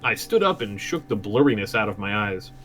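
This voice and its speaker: Man co-host reading fan fiction, lively swooping pitch, jokey and crude. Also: fairly quick. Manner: crude, joking, chatty. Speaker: podcast co-host and reader. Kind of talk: casual reading aloud.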